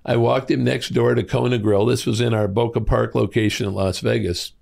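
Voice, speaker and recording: Middle-aged man from Iowa, gravelly guest, chatty storyteller. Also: brisk. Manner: animated, acts out quoted voices with big pitch jumps. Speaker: guest, hormone clinic co-founder. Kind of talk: casual storytelling interview.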